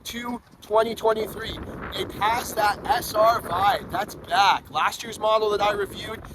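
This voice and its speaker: A man's voice: high-pitched, steady tone, a little slow, noisy background. A man hosting a casual walkaround car review, upbeat and chatty as he points out features, first outdoors and then inside the car. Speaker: car reviewer, channel host.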